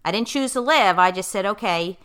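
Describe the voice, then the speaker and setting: A woman's voice: mid-range voice, expressive, fairly quick, fairly bright tone, clean tone. A woman life coach in casual conversation, speaking emphatically and repeating key phrases for stress. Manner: self-described outspoken, in-your-face talker.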